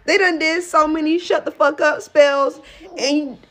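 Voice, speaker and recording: Young woman reading tarot casually, high-pitched, salty and animated. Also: a little slow. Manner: blunt, profane, animated. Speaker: tarot reader.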